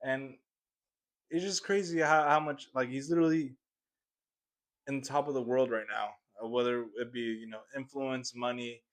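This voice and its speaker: A man's voice: mid-range voice, fairly even intonation, moderate pace. A young man rants on a casual comedy podcast, swearing freely and wandering from point to point. He laughs often and sounds close to a podcast mic, with a mid-range voice. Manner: profane, rambling, laughs often. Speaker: podcast host.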